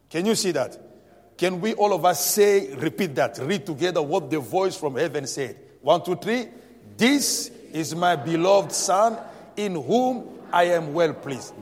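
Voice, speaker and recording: A man preaching a sermon in a church, his voice sitting a touch higher than most men's. He drives his points home with repetition and calls to the congregation. The sound rings out with a long, hall-like reverb. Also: darkish tone. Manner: emphatic preaching with repeated "Amen" and call-and-response. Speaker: pastor.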